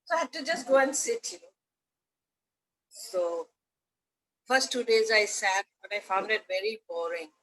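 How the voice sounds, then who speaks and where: An older woman with an Indian English accent, a veteran teacher telling anecdotes in a chatty, animated way during an interview. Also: mid-range voice, rough recording. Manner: chatty, animated anecdotes with playful quoted voices. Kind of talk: casual storytelling interview.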